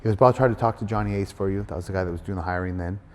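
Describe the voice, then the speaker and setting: A middle-aged man telling his story in a casual interview, animated, acting out other people's voices, with many fillers. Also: low-pitched, very fast. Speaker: guest wrestler. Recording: hall reverb.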